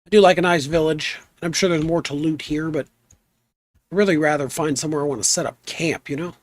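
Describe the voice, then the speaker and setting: A young man chatting in a relaxed, rambling way while streaming a game, trailing off into asides. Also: fairly high pitch, fast talker, no room sound. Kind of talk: relaxed live stream chat.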